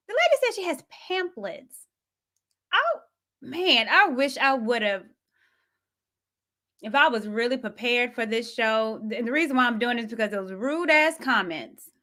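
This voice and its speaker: Animated high-pitched woman host. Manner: sassy, animated, talks back to clips. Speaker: host reacting to clips. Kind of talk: casual commentary.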